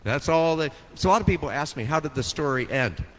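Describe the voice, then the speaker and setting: A man's voice: fairly high pitch, animated, quick pace. Man preaching in a reverberant church. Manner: dramatic storytelling, swings from hushed to soaring and loud. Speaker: pastor. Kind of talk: sermon storytelling. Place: church sanctuary. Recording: long hall reverb, faint noise.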